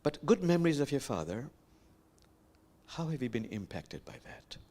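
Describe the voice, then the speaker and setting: A man preaching as an imam, gentle and reflective, who slows to stress each quoted verse and speaks straight to the congregation. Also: medium pitch, very animated. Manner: reflective, quotes sacred verses slowly and with emphasis; gentle, addresses the congregation directly. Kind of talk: sermon. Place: sanctuary.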